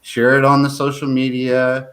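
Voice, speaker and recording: A man hosts a casual talk show in a relaxed, halting way, often pausing on fillers. His voice sits at a middle pitch. He sounds easygoing and friendly without rushing. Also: rough recording. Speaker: host. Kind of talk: casual chat.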